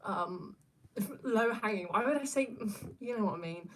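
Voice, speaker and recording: A woman's voice: medium pitch, animated, measured pace, fairly bright tone. A young adult woman, chatting casually on a livestream and answering viewer questions, rambling with lots of fillers and restarts. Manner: rambling, many fillers and restarts, laughs often.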